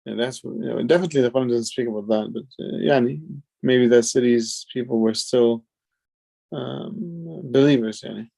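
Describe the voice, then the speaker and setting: A man's voice: medium pitch, steady tone, creaky, mellow. A man teaching as a sheikh, explaining scripture in a loose, conversational way full of "you know" and "like". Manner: retells scenes with quick quoted dialogue. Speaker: sheikh teaching Quran commentary. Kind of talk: casual explanatory lesson.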